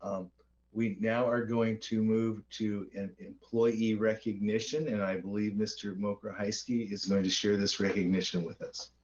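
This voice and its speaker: Meeting chair, male, lowish voice, procedural and wry, muffled lo-fi sound. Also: little pitch movement, moderate pace, darkish tone. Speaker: board chair running a public meeting.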